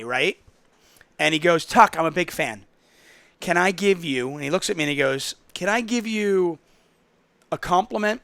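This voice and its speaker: A man's voice: a little high, vocal fry, fairly bright tone, dry recording. A man hosting a casual call-in poker podcast, telling stories in a chatty, rambling way. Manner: chatty, storytelling, self-interrupting. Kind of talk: casual solo call-in show talk.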